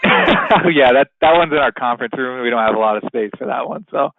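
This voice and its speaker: A man hosting a webinar in a casual, rambling way, filling pauses with "you know". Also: medium pitch, creaky, dry recording. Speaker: webinar host. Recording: tinny phone-line sound, dry.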